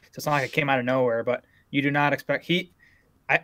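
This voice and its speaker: On a golf betting podcast, this co-host talks odds in a relaxed, analytical way and readily agrees with his partner. He has a medium-pitched, slightly bright voice, and the conversation is casual sports chat.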